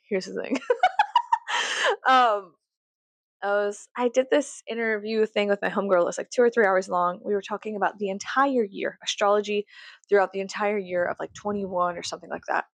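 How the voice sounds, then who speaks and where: A woman with a Southern US accent chats loosely to her viewers, swearing freely and laughing at herself. Her voice sits in an ordinary middle pitch. The sound is dry and close, with no room echo. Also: normal speed, vocal fry. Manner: profane, self-mocking, laughs often. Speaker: YouTuber. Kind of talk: casual rambling monologue.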